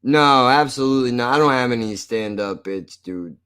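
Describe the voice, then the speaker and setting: A man's voice: mid-range voice, moderate pace, fairly bright tone, smooth. A man chatting casually on a live stream. He jokes, swears a lot and laughs often. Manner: profane, joking, laughs often.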